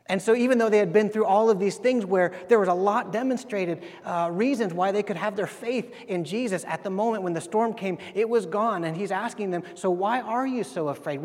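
A man's voice: high voice, in a large hall. A man preaching a sermon as pastor, conversational and full of rhetorical questions, acting out what people say.

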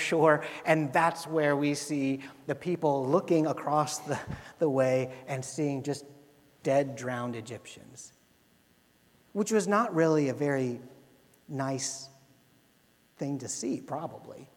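A man preaching a sermon, earnest, often repeating words and swelling louder for emphasis. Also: fairly high pitch. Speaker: pastor. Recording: long reverb of a large hall.

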